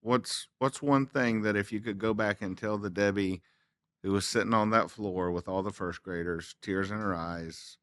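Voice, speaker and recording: A man's voice: on the low side, steady tone, normal speed, a bit bright, clear, resonant tone. A man hosting a podcast interview, listening closely and adding frequent short affirmations. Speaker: podcast host.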